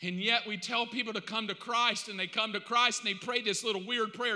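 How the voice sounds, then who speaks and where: A man's voice: high-pitched, sharp tone, in a large hall. A man preaching a sermon with impassioned, emphatic delivery. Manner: impassioned, emphatic, rapid lists. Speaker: pastor.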